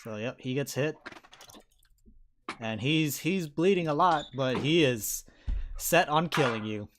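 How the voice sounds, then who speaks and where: A man's voice: on the high side, lively intonation, unhurried, noisy background. A man running a tabletop game as dungeon master, narrating the fight play by play with sound effects and casual swearing.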